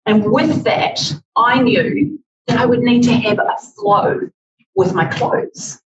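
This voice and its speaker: Brief: woman, higher voice, slow-paced speaking coach, echoey room, mic far off. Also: very animated. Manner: slow, deliberate, demonstrative delivery. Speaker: public speaking presenter. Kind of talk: workshop presentation. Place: library meeting room. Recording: echoey, distant, dull audio.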